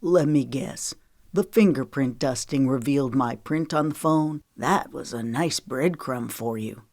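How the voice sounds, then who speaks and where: A woman's voice: extremely low pitch, unhurried, darkish tone, no room sound, clean studio sound, full character voice. A woman reading the lines of a bitter, contemptuous male villain in an audiobook. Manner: contemptuous, mocking. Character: bitter vengeful man with contempt.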